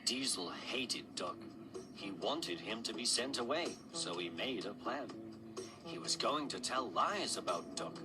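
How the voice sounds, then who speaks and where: A male narrator reading a children's storybook. His delivery is slow and unhurried, with lively, rising and falling pitch. Loud music plays under his voice.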